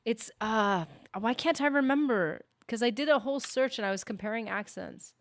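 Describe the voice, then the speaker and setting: In a dry, clean studio recording, a woman with a voice on the high side talks at a moderate pace during a casual game stream. She's from the northern United States and rambles chattily, peppering in "like," breaking off mid-thought, and reading viewers' comments aloud.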